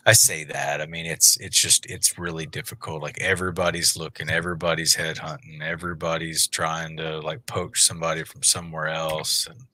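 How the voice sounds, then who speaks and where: Low-voiced guy with a crisp bright edge, teasing and rambling on a stream. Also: flat delivery, a little fast, hardly any pauses. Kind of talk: casual banter on a livestream.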